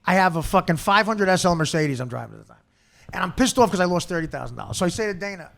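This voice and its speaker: A man telling profane, animated stories on a podcast, acting out the people he quotes. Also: high voice, racing, gravelly. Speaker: guest comedian. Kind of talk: storytelling on a podcast.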